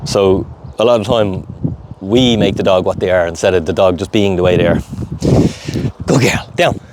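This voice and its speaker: A man's voice: deep voice, level tone, brisk. A man dog trainer giving commands, cheerful praise and running explanations during a live training session outdoors. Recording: outdoor background noise.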